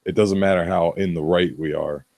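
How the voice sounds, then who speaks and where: A man's voice: deep voice, fairly even intonation, normal speed, a little mellow, dry recording. A man in his thirties, a podcast co-host telling a blunt, profane story in casual chat. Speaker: podcast co-host, bar manager.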